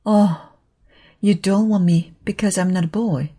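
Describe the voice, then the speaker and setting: A woman voicing an eager, imaginative little orphan girl who talks dramatically, in a husky voice. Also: lowish voice, fairly even intonation, normal speed, dark tone. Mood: tearful. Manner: eager, dramatic, tearful pleading.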